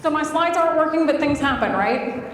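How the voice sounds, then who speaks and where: A woman's voice: sits high, expressive, brisk, slight background noise. Chatty woman in an echoey hall. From California. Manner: chatty, playful, talks to the crowd. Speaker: keynote speaker. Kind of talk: conference keynote speech. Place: hotel conference hall. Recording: echoey hall, mic from far off.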